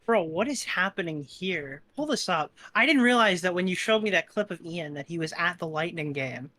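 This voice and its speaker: A man's voice: high voice, animated, normal speed, pushed and bright. A man talking as a guest on a casual streamed chat, swearing freely and packing his incredulous stories with fillers. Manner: profane, incredulous, filler-heavy storytelling. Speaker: guest commentator.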